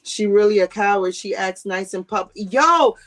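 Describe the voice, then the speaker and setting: A woman hosting a casual livestream, reading viewer comments aloud. She talks in an animated, slangy way, laughs often and swears freely. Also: mid-range voice, moderate pace. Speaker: livestream host.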